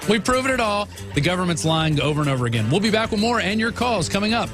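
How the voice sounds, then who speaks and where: A man hosting a political talk radio show, arguing his points with quick asides and frequent fillers. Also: high voice, big pitch swings, music in the background.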